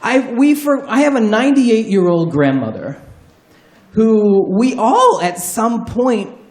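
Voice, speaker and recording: A man's voice: sits high, very animated, slow. A man telling a wry, candid, profanity-laced comedic story live on stage at a storytelling show. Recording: roomy live venue sound.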